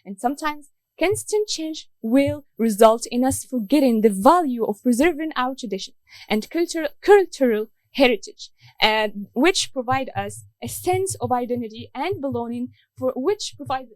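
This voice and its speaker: A woman's voice: high-pitched, darkish tone, no room sound, low-quality recording. A young woman from Morocco giving an earnest debate speech, using rhetorical questions. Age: young adult. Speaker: student debater.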